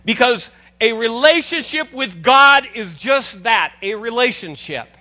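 An older male pastor delivers a sermon in a high, bright voice. His pitch swings widely as he talks to the congregation like old friends, teasing them along the way. The tone stays conversational rather than formal. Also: animated, unhurried.

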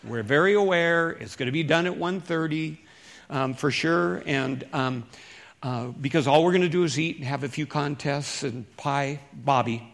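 A middle-aged man preaching a sermon as pastor, in a folksy, conversational way that swings between loud emphasis and quiet asides. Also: on the high side, moderate pace, gravelly.

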